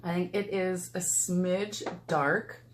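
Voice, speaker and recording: A young woman talks her viewers through a get-ready-with-me makeup routine in a relaxed, chatty way. Her voice sits a little low and she takes her time between phrases. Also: slow, a little hiss or hum. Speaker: beauty vlogger. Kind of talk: casual get-ready-with-me talk.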